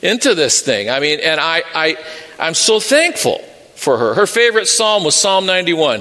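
A middle-aged man, a pastor, preaching an earnest sermon with measured pauses and personal stories. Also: a little high, big pitch swings, sharp tone. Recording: long reverb of a large hall.

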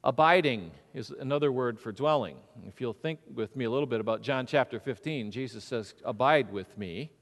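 A man's voice: medium pitch, normal speed, hardly any pauses, in a large hall. A man preaching a sermon as pastor, asking the congregation rhetorical questions and acting out little quotes as he goes. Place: church sanctuary.

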